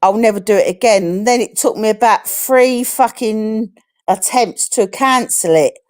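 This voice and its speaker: A woman's voice: fairly high pitch, moderate pace. A middle-aged woman from England in casual chat on a live stream, frank and chatty, swearing freely.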